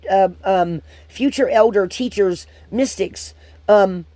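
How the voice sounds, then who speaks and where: A woman giving a channeled spiritual card reading to viewers, hesitant and rambling with many pauses and restarts. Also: medium pitch, warm tone, no room sound.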